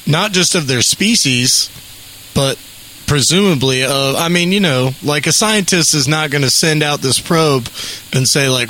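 A man's voice: fairly high pitch, measured pace, pushed and bright, slight background noise, rough recording. A man co-hosting a casual podcast chat, asking curious questions and laughing easily.

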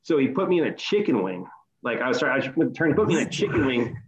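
A middle-aged man in casual chat, retelling a story with animated, profane energy. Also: medium pitch, fast, dull audio, a little hiss or hum. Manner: animated, profane retelling, voice rising in quoted outbursts.

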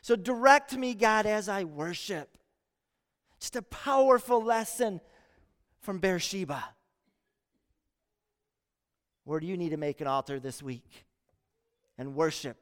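This sermon comes from a male pastor whose voice is very high and smooth. Preaching earnestly in a church sanctuary, he leans on rhetorical questions and repetition, and the hall's long reverb trails each line.

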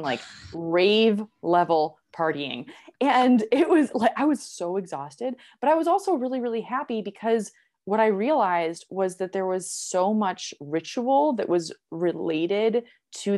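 A young woman chatting casually, her voice sitting a little low for a woman. She tells stories in a lively, rambling way, sprinkling in "like" and laughing often. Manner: animated, many "like" fillers, laughs while telling. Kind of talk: casual chat, storytelling.

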